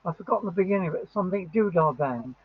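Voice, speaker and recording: A man's voice: sits high, expressive, very fast, slightly rough. An older man chatting casually and reacting with rambling enthusiasm, full of restarts. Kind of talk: casual chat reacting to a song. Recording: tinny phone-like line.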